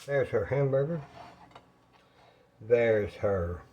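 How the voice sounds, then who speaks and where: Out of breath and animated, this man draws out his words in a mid-range voice with a dark tone. He's a home cooking vlogger rambling in a folksy way to his viewers as he cooks in his home kitchen.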